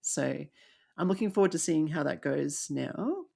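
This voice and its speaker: Gravelly low-voiced woman. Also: animated, measured pace, dark tone. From Australia. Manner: chatty, laughs often, upbeat. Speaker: podcast co-host. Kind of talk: casual chat.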